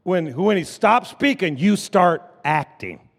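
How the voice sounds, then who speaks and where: A man's voice: high-pitched, slow pace, gravelly. Male pastor preaching in a reverberant hall. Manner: preaching with lively call-and-response, coaxing the crowd to shout. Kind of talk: sermon. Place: church sanctuary. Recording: long church hall reverb.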